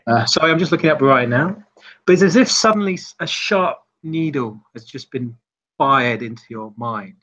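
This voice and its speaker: Husky man running a game. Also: medium pitch, expressive, moderate pace, pushed and bright, low-quality recording. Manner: loose, rambling description with many fillers. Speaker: game master. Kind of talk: narrating a tabletop game.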